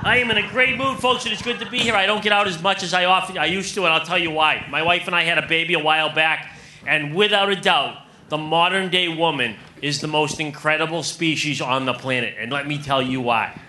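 A man in his thirties performs stand-up on a club stage. His voice sits high, and he lands each joke with a punchy rhythm and talks straight to the crowd. The live recording has a noticeable hiss. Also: a little fast, pushed and bright. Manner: punchy joke delivery, addressing the crowd as folks. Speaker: stand-up comedian. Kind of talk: stand-up comedy set.

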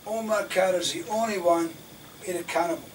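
A man's voice: high-pitched, a little fast. Impassioned man lecturing from afar. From Scotland. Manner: rhetorical, indignant, swings between loud emphasis and near-whispers. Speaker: defence lawyer giving a lecture. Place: university lecture hall. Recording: distant mic in a lecture hall, faint room noise.

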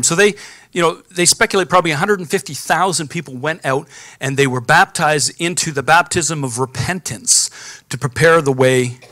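Bright-voiced man preaching a sermon. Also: fairly high pitch, no echo, clean studio sound. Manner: calls out to the congregation for responses. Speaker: pastor. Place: church sanctuary.

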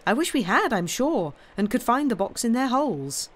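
A woman's voice: a little high, big pitch swings, moderate pace, voice pushed up. A woman voicing a placid older lady who grows flustered and fussing in a storybook reading.

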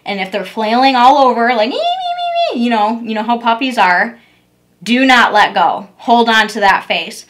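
A woman's voice: a little high, normal speed, a bit bright. A young woman, a dog groomer, giving a patient step-by-step demo on handling a puppy. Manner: patient, repetitive coaching tone. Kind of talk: instructional demo.

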